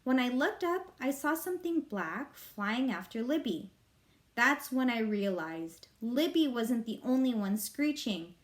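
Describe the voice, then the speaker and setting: Woman reader, fairly high voice, expressive storybook narration. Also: a little slow. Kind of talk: reading a children's novel aloud.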